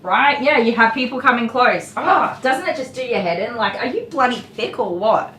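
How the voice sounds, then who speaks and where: A woman's voice: on the high side, expressive, normal speed, a bit bright, recorded from a distance, a little hiss or hum. A middle-aged Australian woman who grooms dogs, chatting on a livestream in a blunt, exasperated way with mild swearing and frequent laughter. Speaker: dog groomer streaming live. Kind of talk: casual livestream chat. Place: grooming salon. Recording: echoey room, voice from off-mic.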